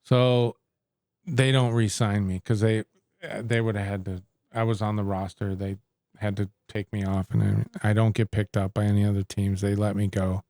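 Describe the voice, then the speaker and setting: A middle-aged man, a former baseball pitcher, telling stories casually in an interview and acting out quoted exchanges. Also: moderate pace, no room sound. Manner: animated storyteller who acts out quoted exchanges.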